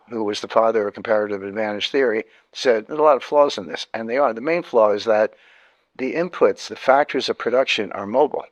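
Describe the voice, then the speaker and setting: A man's voice: medium pitch, no echo, muffled recording. A man, a guest in an interview, explaining economics emphatically, repeating key points and often restarting sentences.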